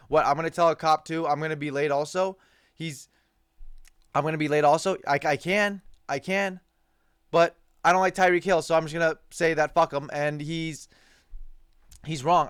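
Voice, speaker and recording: A man's voice: on the high side, no echo, studio quality. A man giving heated, profanity-laced reaction commentary on sports news, repeating himself for emphasis. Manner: profane, ranting, repetitive emphasis.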